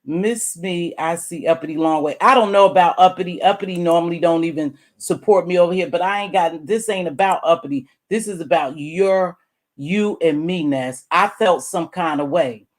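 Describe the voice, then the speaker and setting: Brief: middle-aged woman vlogger, blunt and animated, voice jumps high and loud to press a point, drops "baby" and curse words. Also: normal speed. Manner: calls the listener "baby", curses freely. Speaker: YouTube commentator. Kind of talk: direct-address commentary vlog.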